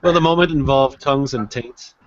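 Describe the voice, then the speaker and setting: A man's voice: mid-range voice, a little fast, dull audio, slight background noise. A man joking hesitantly in a casual podcast chat.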